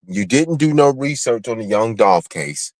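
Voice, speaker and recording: A man's voice: mid-range voice, animated, moderate pace, darkish tone, no echo. A man on a livestream in heated, profane chat, bluntly calling out a rival.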